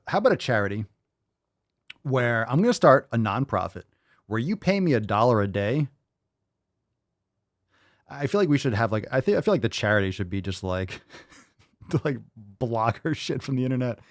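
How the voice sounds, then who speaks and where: A man's voice: on the low side, no room sound, studio quality. A man hosting his fitness channel, reacting to clips with profane, exasperated ranting. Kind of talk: reaction commentary.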